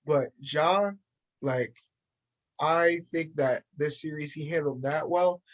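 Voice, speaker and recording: A man co-hosting a casual podcast chat, animated and acting out quotes in a raised voice. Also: fairly high pitch, slow, poor audio. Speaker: podcast co-host.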